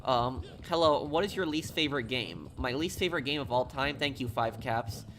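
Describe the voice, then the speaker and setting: A man's voice: mid-range voice, expressive, moderate pace, noisy background. A man from New York chatting casually on a live stream, answering viewer questions while he plays, rambling and a bit apologetic. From New York, USA. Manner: rambling, apologetic, talks over gameplay.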